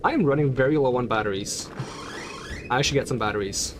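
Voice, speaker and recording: A man's voice: mid-range voice, fairly quick, noisy background. A young man chatting casually on a live stream while playing, rambling and answering questions from chat.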